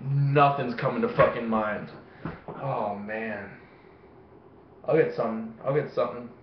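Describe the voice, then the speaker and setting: A man's voice: medium pitch, steady tone, unhurried, slight background noise. A man telling rambling, profane stories to the camera, often laughing at his own tales. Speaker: vlogger. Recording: echoey room, dull lo-fi sound.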